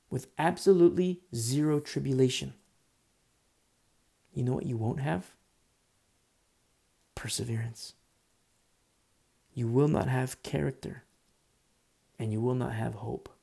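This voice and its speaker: A pastor delivers a sermon in an earnest, conversational way. His voice is heavily gravelly with a husky, mellow edge. He sometimes drops to a low, hushed tone to press a point. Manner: earnest, conversational preaching, drops to a whisper at times.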